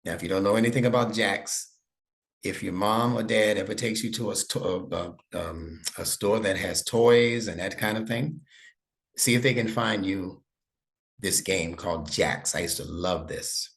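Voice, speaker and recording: A man's voice: lowish voice, unhurried. A middle-aged man tutoring a young student one-on-one, explaining patiently step by step and checking that he is understood. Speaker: Arabic instructor and imam.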